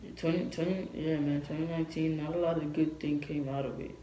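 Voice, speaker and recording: A man's voice: fairly high pitch, little pitch movement, fast talker, mellow. A young man co-hosting a casual podcast chat, slangy and repeating himself, often saying bro. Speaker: podcast co-host. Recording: echoey room with faint noise.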